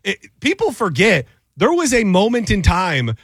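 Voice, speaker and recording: A man hosting a radio show, chatting casually and giving shout-outs to listeners. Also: high-pitched, wildly swooping pitch, normal speed, slightly rough, dry recording.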